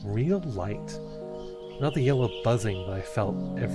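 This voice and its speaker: A man's voice: on the low side, expressive, unhurried, loud music behind the voice. A man streaming a narrative game, reading the story text aloud expressively, with stumbles and asides.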